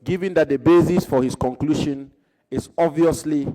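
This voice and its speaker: A man with a Ghanaian accent questioning a minister nominee at a parliamentary hearing, in a formal, deliberate way. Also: on the high side, mellow, poor audio. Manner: formal, deliberate, quotes records. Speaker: committee member questioning a nominee.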